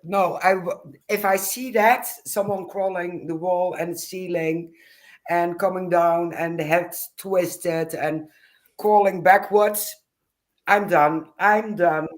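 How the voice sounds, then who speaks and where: A woman's voice: fairly low pitch, fairly even intonation, slow pace. A woman in casual podcast chat, speaking emphatically in short bursts and reactions.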